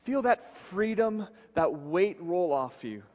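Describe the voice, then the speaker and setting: Slow, earnest man preaching in a reverberant hall. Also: big pitch swings, a little mellow. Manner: earnest, slows and drops low for emphasis. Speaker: pastor. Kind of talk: sermon.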